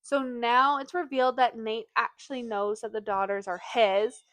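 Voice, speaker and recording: Woman podcast host, fairly high voice, dry close sound, chatty. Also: normal speed, no room sound. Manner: chatty, heavy use of "like", animated when acting out quotes. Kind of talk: casual chat, retelling a plot.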